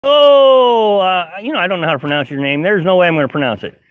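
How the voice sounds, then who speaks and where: Middle-aged man with a high voice, casually chatting with viewers from his camper. Rambles with lots of fillers, on a dull, lo-fi stream recording. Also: quick pace, clear, resonant tone, no echo. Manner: rambling, laughs often, many fillers and restarts. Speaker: RV vlogger hosting a live stream. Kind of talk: casual live-stream chat, reading viewer comments. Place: inside a camper. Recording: dull, lo-fi live-stream audio.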